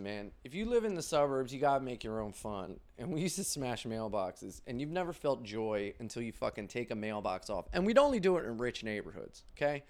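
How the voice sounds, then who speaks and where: A man, a comedian, telling rambling stories in a casual monologue, swearing a lot and acting out quotes. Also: mid-range voice. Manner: profane, rambling, quick bursts, acts out quotes. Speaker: stand-up comedian.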